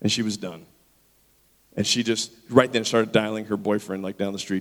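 A pastor telling a story in a sermon and acting out the people in it. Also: male voice, on the low side, normal speed. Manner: animated, acts out the people in his story. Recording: long reverb of a large hall.

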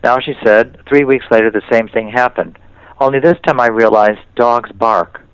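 A man's voice: medium pitch, normal speed, smooth, no room sound, dull audio. A man, a priest, giving a spiritual talk in an interview and telling stories in which he quotes other people. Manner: storytelling, slips into quoted voices.

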